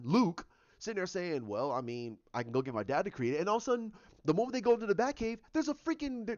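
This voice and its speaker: A man giving a ranting commentary, animated and repetitive, often restarting his sentences. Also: sits high, no room sound, dull audio. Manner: animated, repeats himself, many restarts.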